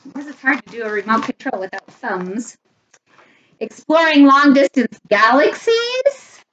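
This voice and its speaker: A woman reading a picture book aloud to children, animated and laughing often. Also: sits high, measured pace, dull audio, a little hiss or hum. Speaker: storytime reader.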